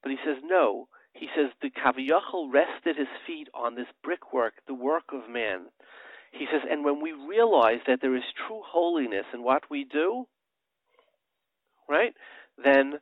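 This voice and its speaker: Rabbi's sermon over a tinny phone line. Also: male voice, on the high side, expressive, moderate pace, dry recording. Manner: weaves in chanted Hebrew verses and Yiddish words. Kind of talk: storytelling sermon. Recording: dry, tinny phone-line radio audio.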